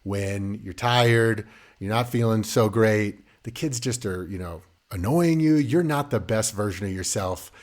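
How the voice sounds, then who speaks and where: A man's voice: fairly low pitch, a little slow. A man co-hosting a casual parenting podcast, chatty and laughing often as he talks, with some casual swearing. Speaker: podcast co-host. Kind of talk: casual chat.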